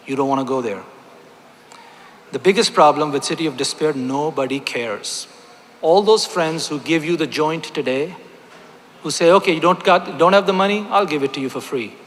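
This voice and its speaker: Male convention speaker, emphatic and repetitive, slightly high voice, long hall reverb. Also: slight background noise. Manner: emphatic, repeats phrases, asks the audience rhetorical questions. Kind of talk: impassioned stage speech. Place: large hall on stage.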